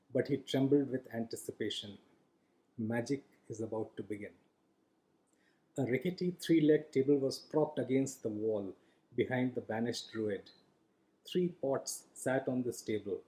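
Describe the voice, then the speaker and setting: A man reading his own fantasy novel aloud in calm, measured audiobook narration. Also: medium pitch, poor audio.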